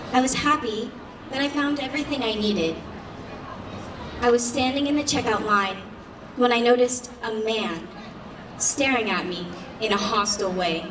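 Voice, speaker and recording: A woman artist giving a slow, emphatic spoken-word performance at an outdoor street festival, heard from far off. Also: mid-range voice. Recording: echoey and noisy street from far off.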